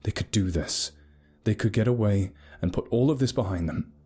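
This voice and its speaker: A man narrating a scripted horror story in a steady, grave storytelling manner. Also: on the low side, normal speed, breathy edge. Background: soft music.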